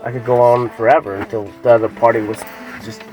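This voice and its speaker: A man's voice: medium pitch, flat delivery, fast talker, lo-fi sound, faint music behind. A man talking casually to the camera in a rambling, profane monologue full of fillers and restarts.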